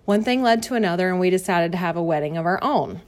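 Chatty Southern woman with a low voice. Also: expressive, fast talker, darkish tone. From North Carolina. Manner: chatty and friendly, laughs easily. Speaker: podcast host. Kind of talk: personal story monologue. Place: home office.

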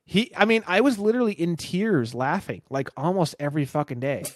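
A fairly high-voiced man hosts a podcast, rattling through stories with plenty of swearing and playful impressions. His voice is recorded dry and close, with no room sound. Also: a little fast, no echo. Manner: swears a lot, excitable storytelling, does impressions. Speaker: podcast host. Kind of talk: casual chat.

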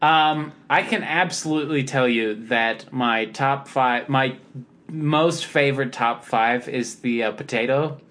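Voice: medium pitch, a little slow, a bit bright. A podcast co-host chatting casually, with a dry, teasing, contrary manner. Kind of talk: casual chat.

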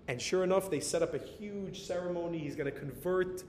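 An American man telling a story in a sermon as a Torah teacher, animated and dropping in Hebrew and Yiddish words. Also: a little fast. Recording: reverberant hall with faint rumble.

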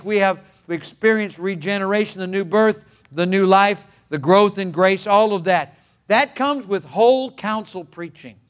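An older male pastor preaching a sermon with an emphatic, repetitive cadence. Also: high-pitched.

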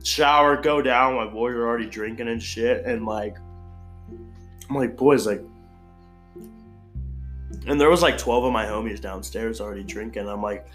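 A man's voice: lowish voice, fairly even intonation, moderate pace, long pauses, a bit bright. Rambling young man in an echoey room. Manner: rambling, crude, filler-heavy with frequent "like". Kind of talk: casual storytelling. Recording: echoey room with faint guitar music.

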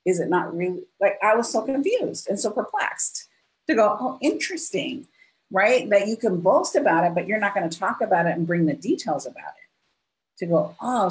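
A woman's voice: medium pitch, low-quality recording. A middle-aged woman, a business coach guest on a podcast, telling stories animatedly, acting out quoted dialogue and often tagging lines with "right?". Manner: expressive, acts out quoted dialogue, frequent "right?". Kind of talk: animated storytelling in conversation.

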